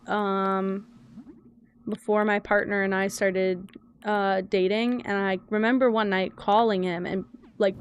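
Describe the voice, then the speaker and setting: A woman's voice: mid-range voice, slight background noise. A young adult woman streamer chatting casually and openly while she plays a game. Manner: chatty, animated, self-described loud and yappy. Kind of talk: casual chat while gaming.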